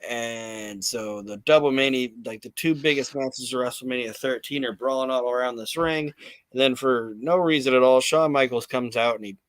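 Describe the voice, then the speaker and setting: A man in casual podcast chat, retelling events in a profane, animated way and quoting people as he goes. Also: medium pitch, moderate pace, no room sound. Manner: profane, animated storytelling with quoted voices. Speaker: podcast co-host. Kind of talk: casual chat recapping wrestling.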